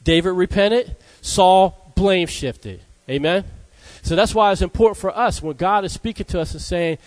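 Fervent high-voiced male preacher. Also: normal speed, no room sound, poor audio. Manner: fervent call-and-response preaching, frequent "Amen?" and "Hallelujah". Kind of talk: sermon.

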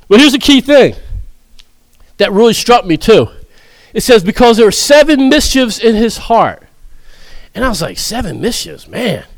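Man preaching, high voice, smooth clear tone, jokes and laughs a lot. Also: dry recording. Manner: humorous, laughs often, animated and conversational. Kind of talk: sermon.

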